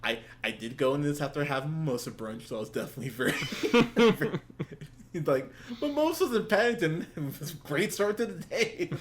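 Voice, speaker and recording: A man's voice: fairly high pitch, lively intonation, moderate pace. A young man co-hosting a movie podcast, gushing in casual chat, swearing often and laughing. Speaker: podcast co-host. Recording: faint background noise.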